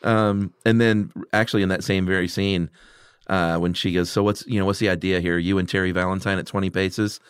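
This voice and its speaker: Deep, smooth-voiced man chatting about films. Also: fairly even intonation, brisk, no room sound, clean studio sound. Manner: enthusiastic, quotes lines from movies, swears casually. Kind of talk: casual film discussion.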